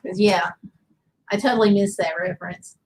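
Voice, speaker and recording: A woman's voice: mid-range voice, fairly even intonation, moderate pace, darkish tone, poor audio. A woman with a Southern accent hosting a casual livestream, chatting loosely and reading viewer comments aloud. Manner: chatty, rambling, reads chat comments aloud. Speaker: livestream host.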